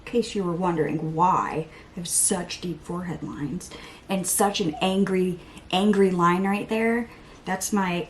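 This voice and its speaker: A beauty vlogger chats casually with her viewers while doing her makeup in a get-ready-with-me video, rambling, poking fun at herself, slipping into playful voices and laughing. Her voice is medium-pitched and unhurried, with a little hiss or hum in the recording.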